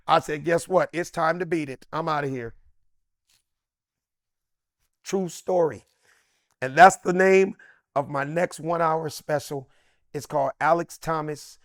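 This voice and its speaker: A comedian in his fifties from Los Angeles, telling stories as an interview guest in a lively, slangy, emphatic way and acting out the voices of the people he quotes. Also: on the high side, no echo, studio quality. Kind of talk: animated storytelling in a sit-down interview.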